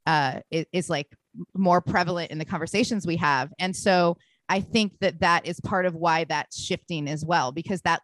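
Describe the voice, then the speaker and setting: A woman with a somewhat low voice, recorded very dry and close. She rambles through her thoughts with lots of fillers and blunt swearing, in casual podcast chat. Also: steady tone, moderate pace, a bit bright, no room sound. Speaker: podcast co-host guest.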